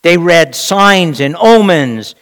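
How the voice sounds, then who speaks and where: A man preaching a Bible-teaching sermon in an emphatic, rhetorical way, with dramatic pauses. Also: on the high side, expressive, a bit bright, big-room sound.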